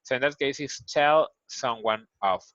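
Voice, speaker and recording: A male English teacher with a Spanish accent works through textbook questions, repeating key phrases and acting out example lines. His voice sits at a middle pitch. The recording is dull and lo-fi, with a dry sound and no room echo. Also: a little slow, a bit bright. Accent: Mexican Spanish. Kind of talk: recorded online grammar lesson.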